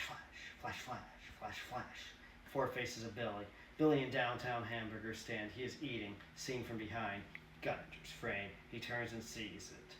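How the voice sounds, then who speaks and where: A man's voice: medium pitch, a bit bright, slight background noise. Man, screenplay reading, casual swearing asides, roomy room, distant mic. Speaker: reader.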